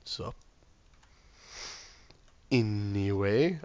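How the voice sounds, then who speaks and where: A hoarse, ill man talking himself through a game, often muttering softly or near a whisper. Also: mid-range voice, wildly swooping pitch, slow pace, long pauses, no echo, muffled recording. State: hoarse from illness. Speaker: gameplay video maker. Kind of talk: relaxed gameplay commentary.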